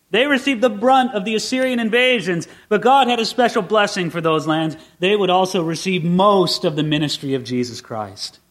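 A middle-aged man preaching a Bible sermon as pastor, swinging between quiet asides and excited peaks. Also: high voice.

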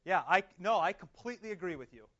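A man's voice: sits high, animated, fast, fairly bright tone. A man leading a church discussion group, chatty and affirming, laughing often, recorded in a dull lo-fi recording. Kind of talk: casual group teaching.

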